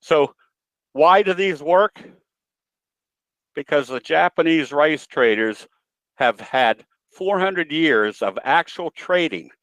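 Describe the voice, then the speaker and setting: A man's voice: a little high, lively intonation, slow, pauses often, a bit bright, no room sound, rough recording. A man giving a trading webinar presentation in a folksy, storytelling way, with some hesitations. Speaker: guest presenter, trading educator.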